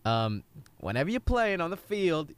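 A man's voice: fairly high pitch, sing-song, very fast, voice pushed up. A man playing a brash football head coach in an improvised comedy sketch, giving a rambling pep talk with a slipping Southern drawl. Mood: blustering.

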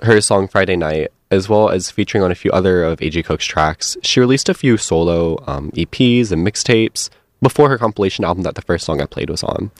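Low-voiced guy doing radio between songs, chill and rambly, dry mic. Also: dry recording. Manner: relaxed, rambling, many fillers. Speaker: radio show host. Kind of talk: casual music radio talk.

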